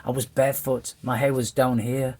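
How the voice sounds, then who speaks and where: At a moderate pace and mid-range pitch, a middle-aged man from England with an English accent rambles through his personal testimony. Lively throughout, he performs the voices of the people in his tale.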